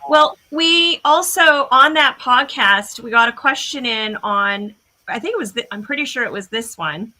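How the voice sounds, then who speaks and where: A woman's voice: on the high side, lively intonation, normal speed, sharp tone. A woman co-hosting a podcast, talking animatedly and searching for her words in casual discussion.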